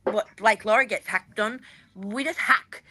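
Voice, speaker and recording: Bright, chatty woman. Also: mid-range voice, a little slow, slightly rough. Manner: chatty, animated, rambling with fillers. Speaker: podcast co-host. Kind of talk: casual fan panel chat.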